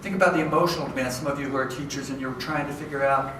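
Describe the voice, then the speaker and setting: Here a male education professor gives a talk to educators, his delivery animated and conversational and peppered with "okay?" and "right?" check-ins. He has a medium pitch and speaks very fast. The sound comes from far off in a big, echoing hall with an audience, faint noise underneath.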